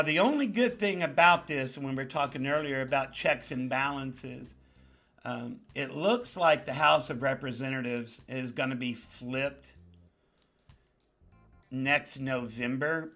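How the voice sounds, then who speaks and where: A livestream host from the Bronx, this man has a New York accent and a sharp, mid-range voice. In his casual live chat he greets viewers by name and repeats points to emphasize them.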